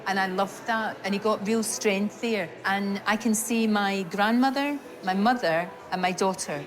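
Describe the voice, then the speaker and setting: A middle-aged Scottish woman chatting warmly and effusively as the sitter at a portrait unveiling. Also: medium pitch, normal speed, crowd noise. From Scotland. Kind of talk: unscripted chat at a portrait unveiling. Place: gallery event.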